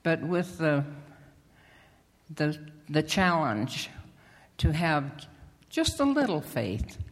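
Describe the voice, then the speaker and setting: Lay speaker at a church pulpit, very slow, halting with fillers, long church-hall reverb. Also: medium pitch, sing-song. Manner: halting, with many fillers and restarts. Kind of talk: church testimony and announcements.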